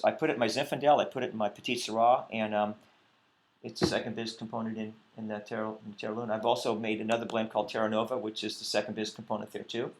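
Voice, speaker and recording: Low, gravelly-voiced male winemaker. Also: slight background noise. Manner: relaxed, hesitant, many ums. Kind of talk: casual talk at a wine tasting.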